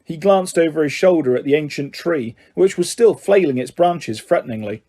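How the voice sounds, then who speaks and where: A man narrating an audiobook in an expressive, dramatic reading style. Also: on the high side, a little fast, hardly any pauses. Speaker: audiobook reader. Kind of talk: scripted storybook narration.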